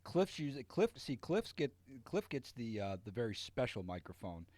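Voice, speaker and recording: A man's voice: medium pitch, big pitch swings, moderate pace, a little mellow, no echo. A man hosting a live talk show, chatting casually and joking with his guest. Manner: joking, conversational. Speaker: show host. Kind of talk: casual chat.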